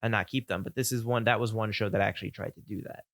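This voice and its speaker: A man's voice: fairly low pitch, fairly even intonation, fast talker, fairly bright tone, no room sound, clean studio sound. A man co-hosting a casual film podcast, thinking aloud with restarts and easy laughter. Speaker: podcast co-host.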